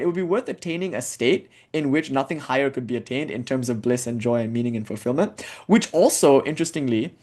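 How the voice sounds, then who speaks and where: Speaking in a somewhat high, darkish voice, a young man gives a loose, conversational spiritual lecture. He fills it with "like" and digressions, occasionally breaking into Sanskrit chants.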